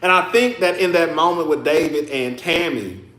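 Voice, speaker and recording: A man's voice: a little high, normal speed, a bit bright, echoey room. A man hosting a podcast, chatting casually and rambling with lots of "like" and restarts. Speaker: podcast host. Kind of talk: casual commentary chat.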